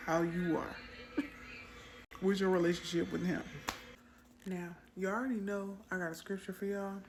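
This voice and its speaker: A woman telling a personal faith story in casual testimony style, animated when she quotes her young daughter. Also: fairly low pitch, unhurried, long pauses, a little hiss or hum. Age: adult mother. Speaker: Christian content creator.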